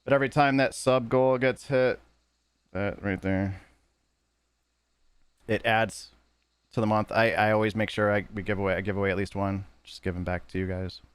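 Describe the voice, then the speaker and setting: A man's voice: fairly low pitch, fairly even intonation, normal speed, pauses often, clean tone, dry recording. A man streaming a video game, chatting casually with his viewers in a loose, rambling way that corrects itself as it goes.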